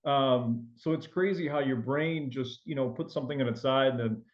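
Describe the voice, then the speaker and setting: A man's voice: mid-range voice, moderate pace, highs cut off. A man raised in France with a faint French accent, a loan officer chatting casually as a guest in an interview, full of fillers and restarts.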